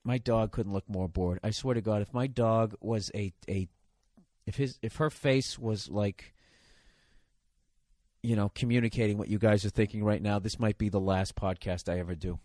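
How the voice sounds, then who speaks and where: A man's voice: on the low side, steady tone, moderate pace, a little mellow, dry recording. A man hosting a podcast, telling a comic story as a profane, exasperated rant. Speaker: podcast host. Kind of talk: comedic storytelling monologue.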